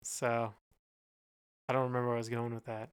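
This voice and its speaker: A man's voice: medium pitch, completely flat delivery, a little fast, clear, resonant tone. A man from California with a Californian accent, co-hosting a casual music review chat with hesitant, dry humor. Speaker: podcast co-host.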